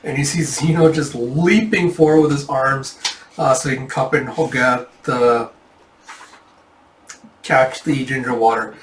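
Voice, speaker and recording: A man in a casual comic readthrough, lively and chatty as he narrates the panels. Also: medium pitch, unhurried, long pauses, slight background noise. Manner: lively, chatty, jumps into character voices. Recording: roomy, mic at a distance.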